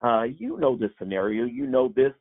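A man giving an informal Bible teaching to a small group, halting with many fillers and restarts. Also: mid-range voice, expressive. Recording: tinny phone-like sound.

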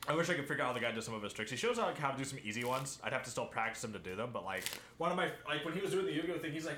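A young man chatting on a podcast, excitable and rambling with lots of fillers. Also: mid-range voice, racing. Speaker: podcast co-host. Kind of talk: casual chat. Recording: roomy echo with faint hiss.

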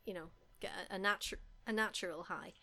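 A woman, casually retelling a film as a giggly, animated storyteller. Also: medium pitch, a little fast. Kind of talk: casual chat recapping a film.

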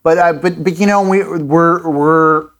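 A man hosting a podcast, casually retelling a strange story with dramatic pauses and a few fillers. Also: on the high side, fairly even intonation, fairly bright tone. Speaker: podcast host.

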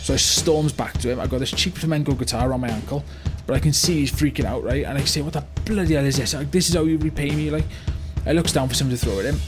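An actor playing a remorseful older British business owner in a comedy monologue, with a rambling delivery full of "you know" and "right?". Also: male voice, mid-range voice, fast, hardly any pauses, music in the background, close to an everyday voice. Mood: rueful. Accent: British English. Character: remorseful older male car yard owner, blunt. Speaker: business owner telling a story. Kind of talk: mock-documentary comedy monologue.

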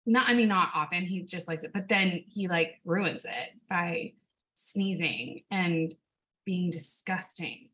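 A young woman with a bright, sharp tone tells an animated story in casual chat. She swears freely and laughs often as she talks. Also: on the low side, slow pace, poor audio. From California.

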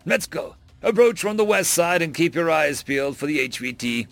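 A man's voice: fairly high pitch, lively intonation, normal speed, creaky, a bit bright, soft background music. A man voicing a male soldier who leads his squad, speaking in clipped, commanding orders.

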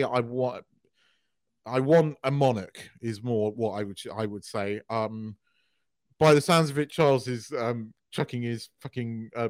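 Man, middle-aged, podcast co-host, blunt sweary rants, mid pitch, dry close sound. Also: dry recording. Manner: blunt, sweary, animated ranting. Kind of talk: casual chat.

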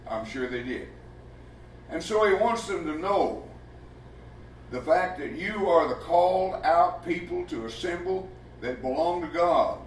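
A man's voice: fairly high pitch, lively intonation, measured pace, a little hiss or hum. A man preaching a sermon in a folksy, emphatic way, asking rhetorical questions in a church. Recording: echoey room with the mic far off.

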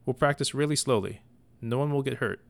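A man's voice: mid-range voice, vocal fry, no room sound, pitched above the performer's own voice, lightly acted. A man voicing a confident, good-humored young knight who encourages and teases his brother. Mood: encouraging. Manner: encouraging, smirking, brisk.

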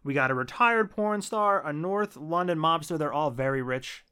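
Laid-back cursing man, slightly high voice. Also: normal speed, sharp tone, clear, resonant tone. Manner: laid-back, swears freely. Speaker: podcast co-host. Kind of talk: casual movie review chat.

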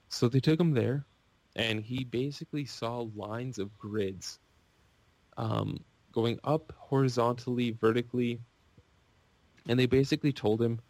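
A man on a podcast, rambling and gushing in an excitable casual rant. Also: medium pitch, measured pace, no room sound.

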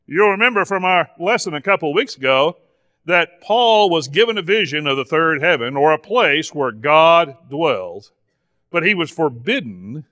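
Lively man teaching a church Bible class. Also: a little high, in a large hall. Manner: folksy, playful sarcasm with the class. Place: church hall.

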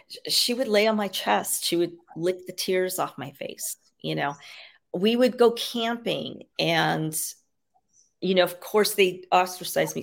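A woman's voice: lowish voice, gravelly. A woman guest, an animal communicator and medium, telling stories in a rambling, casual way with frequent fillers. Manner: rambling, filler-heavy, frequent "you know". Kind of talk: casual storytelling interview.

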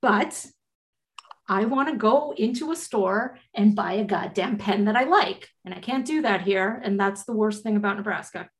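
Woman, podcast co-host, casual chat, blunt, joking, casual swearing, medium pitch. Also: expressive, moderate pace.

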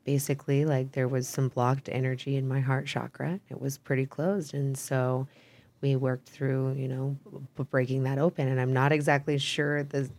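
This podcast guest, a young woman from Idaho, has a bass voice with little pitch movement, a normal pace and a slightly mellow quality. She talks casually and meanders, peppering her chat with "like," "um" and plenty of swearing.

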